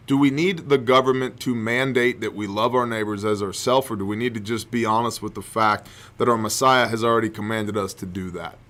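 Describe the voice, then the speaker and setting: A man's voice: medium pitch, a bit bright. A man hosting a podcast, giving impassioned faith-based commentary full of rhetorical questions and emphatic repetition. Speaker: podcast host.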